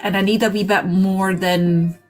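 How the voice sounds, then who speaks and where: A Scottish woman co-hosting a livestream, blunt, quick to laugh and swearing freely. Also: mid-range voice, level tone, soft background music. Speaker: co-host. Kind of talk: casual livestream chat.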